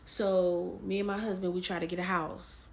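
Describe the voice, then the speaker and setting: A woman's voice: on the low side, little pitch movement, moderate pace, creaky, a little mellow, slight background noise. A woman from Texas telling a personal faith testimony in a rambling, casual way, with many fillers and repeated phrases. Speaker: vlogger.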